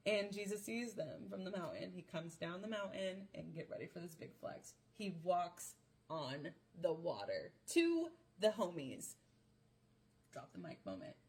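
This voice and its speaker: A young woman podcast host retelling a Bible story casually, playful and full of slang and quick joking asides. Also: fairly low pitch, very animated, a little mellow.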